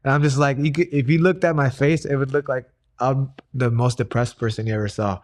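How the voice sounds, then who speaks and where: A man's voice: mid-range voice, steady tone, brisk, a little mellow. A young man telling a story in casual conversation, full of fillers and restarts. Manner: rambling, many fillers and restarts. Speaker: guest, grappling coach and personal trainer.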